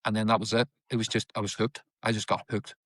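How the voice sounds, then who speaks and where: A man's voice: on the low side, little pitch movement, fast, a bit bright, no room sound. A man, an actor guest, telling candid stories in an interview, emphatic and repetitive, swearing now and then.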